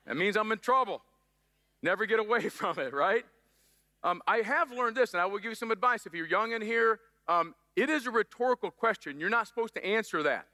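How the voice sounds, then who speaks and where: A man's voice: high-pitched, lively intonation, a little fast, bright, forceful tone, in a large hall. A middle-aged man preaching a sermon as pastor, upbeat and joking with the congregation in a church. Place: church sanctuary.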